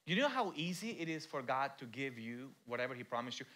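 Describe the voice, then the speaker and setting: A man preaching a sermon in a church. He talks directly to the congregation and swings between quiet, intimate passages and loud, shouted emphasis. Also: medium pitch, sing-song, fast. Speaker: pastor.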